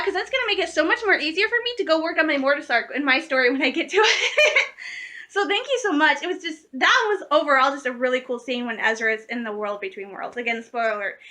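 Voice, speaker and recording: Young woman, very high voice, gushing fan vlog, breathless and emotional. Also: pushed and bright. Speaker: vlogger. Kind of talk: excited casual fan vlog.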